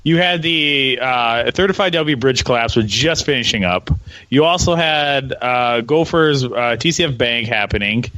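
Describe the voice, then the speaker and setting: Bright dry-voiced man in casual sports chat. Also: mid-range voice, expressive, measured pace, no room sound, rough recording. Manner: loose and jokey, hesitant with many uhs. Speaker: podcast co-host.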